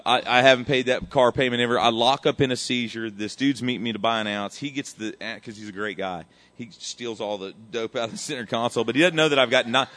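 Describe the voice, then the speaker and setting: A middle-aged man giving a profane, animated recovery testimony that swings between loud and quiet. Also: medium pitch. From Texas. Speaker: recovery speaker.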